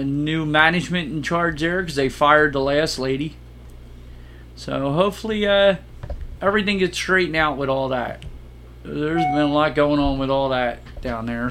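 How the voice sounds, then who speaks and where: A man co-hosting a podcast in casual chat, telling stories animatedly and acting out the people he quotes. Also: on the high side. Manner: animated storyteller, acts out quoted exchanges. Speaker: podcast co-host.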